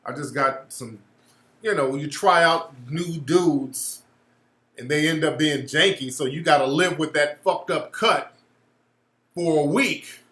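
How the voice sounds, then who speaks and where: A man, hosting a casual livestream and telling blunt, profane, animated stories. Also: on the high side, slow pace, echoey room. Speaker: show host.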